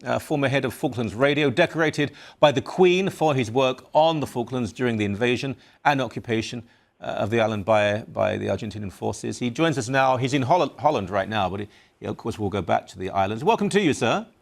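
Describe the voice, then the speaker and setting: A man's voice: medium pitch, animated, fairly quick, gravelly. Opinionated male talk radio host. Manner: opinionated, assertive questioning.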